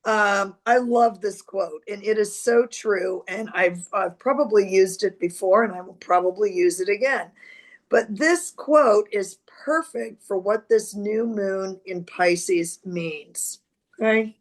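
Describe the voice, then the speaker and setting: An older woman giving a casual astrology talk to camera, reassuring and deliberate, sometimes dropping to a whisper. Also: medium pitch. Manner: reassuring, slow and deliberate, drops to a whisper at times. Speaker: astrology teacher.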